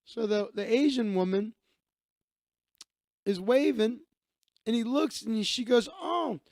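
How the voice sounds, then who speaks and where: Gravelly, high-voiced male streamer. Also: a little mellow, no room sound, clean studio sound. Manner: rambling, profane, quick asides. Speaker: live stream host. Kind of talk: casual live stream storytelling and chat replies.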